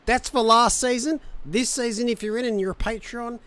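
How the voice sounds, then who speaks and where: A man's voice: extremely high pitch, fairly even intonation, normal speed, fairly bright tone. A man hosting a sim racing livestream, upbeat and jokey, full of casual slang. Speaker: race broadcast host. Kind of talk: livestream race show hosting.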